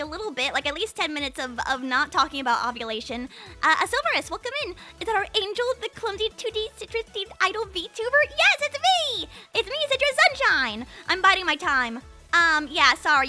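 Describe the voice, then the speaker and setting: High, lively young woman streamer. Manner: rambling and playful, reads chat aloud, many fillers and restarts. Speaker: VTuber streamer. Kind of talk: casual chat.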